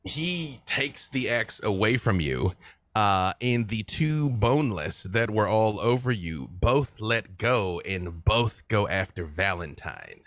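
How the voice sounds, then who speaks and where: A man narrating a tabletop horror game as dungeon master, with measured, descriptive delivery. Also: lowish voice, lively intonation, a bit bright, no room sound.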